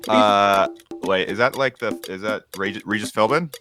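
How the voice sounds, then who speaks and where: A man's voice: lowish voice, moderate pace, music in the background. A man in his thirties from the San Francisco Bay Area, a comedian guest chatting casually and laughing often. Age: 30s. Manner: laid-back, laughs and trails off often. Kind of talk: casual podcast chat.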